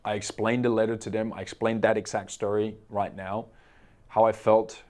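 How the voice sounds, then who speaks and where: A man's voice: fairly low pitch, level tone, normal speed, darkish tone. Earnest man telling a personal story. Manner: earnest, with frequent "okay?" tag questions. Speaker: coach and entrepreneur.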